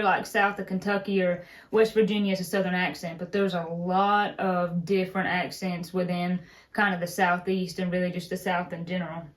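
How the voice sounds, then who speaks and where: Chatty woman with a mountain accent. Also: lowish voice. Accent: Appalachian mountain. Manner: storytelling, relaxed and chatty. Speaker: co-host. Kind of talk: casual chat.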